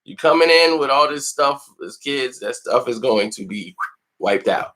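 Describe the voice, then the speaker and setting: Chatting casually on his film review channel, this man tells stories with real animation, laughs often, and performs quotes in put-on voices. His voice is mid-range, expressive, pushed and bright, moving at a moderate pace.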